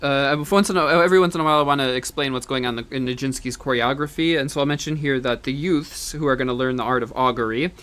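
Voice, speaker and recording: A man's voice: mid-range voice, fast, few pauses, a bit bright, smooth. A man giving a university music lecture, explaining step by step, counting beats and humming rhythms, with frequent fillers and restarts.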